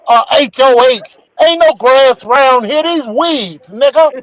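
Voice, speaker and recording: A man's voice: very high-pitched, a little slow, a bit bright, dry recording, rough recording. A man trading brash, profane, ranting banter as a regular on a morning talk show. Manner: brash and ranting, heavy swearing.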